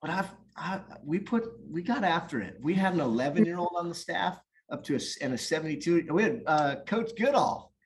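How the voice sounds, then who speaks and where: A rambling, animated man telling coaching stories. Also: fairly high pitch, fairly quick, hardly any pauses, slight background noise. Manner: animated, rambling with many restarts. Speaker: guest or co-host, youth soccer coach. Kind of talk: casual storytelling.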